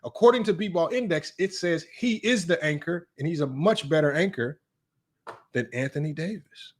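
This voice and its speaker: A man's voice: a little high, expressive, moderate pace. A young man hosting a live sports analysis stream, reading stats aloud and talking bluntly and sarcastically to viewers as y'all. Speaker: sports commentary host.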